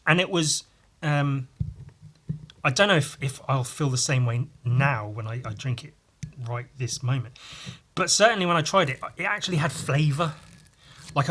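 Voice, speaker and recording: A man with a fairly high, bright, husky voice and a forceful tone hosts a solo podcast. He rambles casually, swears freely, and keeps breaking off mid-sentence.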